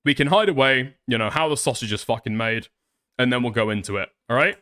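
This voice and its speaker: Sweary animated streamer. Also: male voice, mid-range voice, fairly quick, clear, resonant tone. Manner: sweary, animated, talking to chat. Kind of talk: casual livestream chat.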